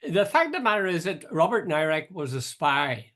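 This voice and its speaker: A man's voice: fairly high pitch, sing-song, brisk, fairly bright tone. Wry older man questioning. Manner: wry, questioning, thinks aloud with restarts. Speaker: host. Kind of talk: casual political chat.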